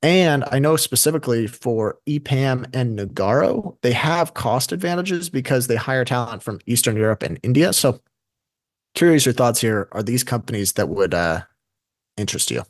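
A man's voice: medium pitch, expressive, normal speed, no room sound. A man co-hosting a casual investing show, talking in a rambling way and often correcting himself mid-sentence. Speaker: podcast co-host.

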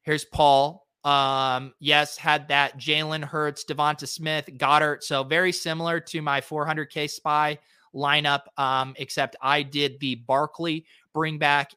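A man hosts a casual solo review of fantasy sports lineups, thinking aloud with plenty of fillers. His voice is bright and clear. The sound is dry and close. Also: fairly high pitch, dry recording. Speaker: fantasy sports podcast host.

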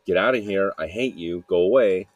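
A man's voice: low-pitched, normal speed, dry recording, dull audio. A man voicing a bitter male scientist who snaps at his creation with exasperated scorn. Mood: scornful. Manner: exasperated, dismissive.

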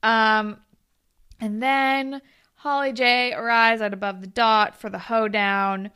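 A woman's voice: on the high side, steady tone, takes it slowly, bright, forceful tone, clean tone. A young woman co-hosting a casual podcast, retelling TV scenes and acting out the characters' lines. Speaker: podcast co-host recapping a TV show. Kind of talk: casual chat.

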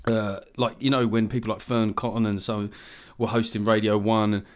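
A man's voice: lowish voice, little pitch movement, moderate pace. A man, ranting in an opinionated, exasperated way during a casual chat. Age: 40s.

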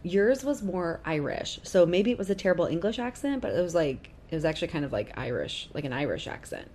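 A woman's voice: lowish voice, a little fast, a little hiss or hum. A woman co-hosting a podcast, chatting casually and pointing out small details she noticed. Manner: animated, detail-focused asides. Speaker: podcast co-host. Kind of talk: casual recap chat.

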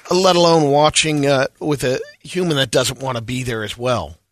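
A man's voice: mid-range voice, moderate pace, a bit bright, a little hiss or hum. Laid-back man chiming in. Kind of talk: casual chat.

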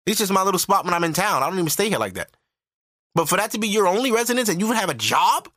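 Podcast host, male, profane incredulous rant, high bright voice, dry close sound. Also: big pitch swings, fast talker, no room sound. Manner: loud, profane, incredulous ranting. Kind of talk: ranting solo podcast commentary.

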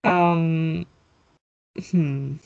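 A woman's voice: low voice, steady tone, drawn-out words, vocal fry, darkish tone, clear, resonant tone, highs cut off. A woman in her twenties co-hosting a casual movie podcast, laid-back and wry, laughing often. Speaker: podcast co-host.

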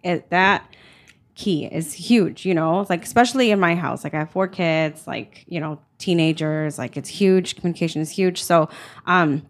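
A middle-aged woman from a Mexican-American family talks loosely on a family podcast. She rambles with plenty of fillers and laughs easily. Her voice sits slightly low for a woman. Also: moderate pace. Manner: relaxed, filler-heavy, laughing often. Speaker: podcast co-host. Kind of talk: casual chat.

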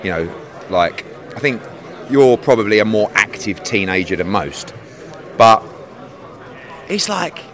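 A man in his forties speaks with a lively, swooping delivery as he mocks his interviewer. He swears freely and teases in a casual, animated way. The talk is recorded outdoors in a city. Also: fairly low pitch, a little slow, long pauses. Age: 40s. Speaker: boxing promoter interviewed. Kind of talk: teasing casual banter.

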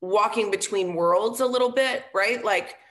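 A woman's voice: mid-range voice, measured pace. A woman, a former football coach, telling a story as an interview guest in a casual way, often saying "um" and "right?" and acting out what others said. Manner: earnest, with frequent "um" and tag questions like "right?"; acts out quoted dialogue in lively voices.

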